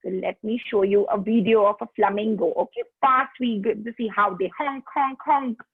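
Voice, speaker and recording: A woman's voice: mid-range voice, a little fast, creaky, slightly rough, dry recording. A woman teaching a preschool class online, coaxing the children with constant simple questions. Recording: tinny phone-like call audio.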